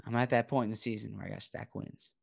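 A man's voice: on the low side, fairly even intonation, fast talker, vocal fry. A man in casual podcast chat, hesitant, stammering and restarting his sentences.

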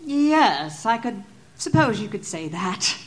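A woman playing a calm, reasoning female companion who speaks in a polite, careful and formal way. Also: medium pitch, slow pace. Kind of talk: audio drama acting.

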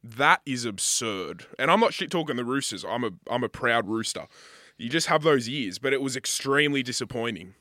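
A man's voice: mid-range voice, expressive, fairly quick, pushed and bright, no echo, clean studio sound. A young Australian man co-hosting a podcast, chatting casually and arguing his point with plenty of swearing. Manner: sweary, heated, emphatic. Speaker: podcast co-host. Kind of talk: casual chat.

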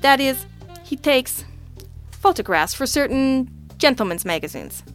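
A woman voicing a nervous, whiny little man who is a small-time informant in a storybook reading, raising her voice high for him. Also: very animated, unhurried, soft background music. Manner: whining, flustered, eager to please.

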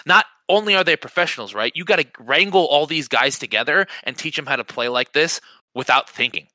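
A man talking sports on a podcast in an excited, animated voice that is very bright and forceful. He often stumbles over his first words and repeats them before pushing on. The sound is close and dry, with no room around it. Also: fairly high pitch, a little fast, no echo. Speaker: podcast co-host. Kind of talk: casual sports chat.

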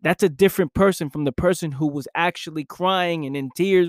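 A man's voice: a little high, fairly quick, no echo, clean studio sound. A young man speaking in an intense motivational monologue, acting out his own past inner voice.

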